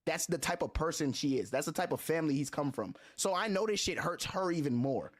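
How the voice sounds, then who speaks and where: A man's voice: fairly high pitch, lively intonation, fairly quick. A man streaming, telling a story to his chat in an earnest, blunt way with heavy slang and a lot of repetition.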